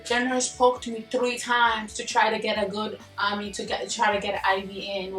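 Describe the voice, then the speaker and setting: A young woman tells a story straight to her camera, casual and slangy. She laughs as she goes and acts out the voices of the people in it. Her voice sits at a middle pitch and rings around an echoey room, picked up from a little distance, with faint music behind. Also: little pitch movement, normal speed, few pauses, a bit bright. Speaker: vlogger. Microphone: camera mic from a distance.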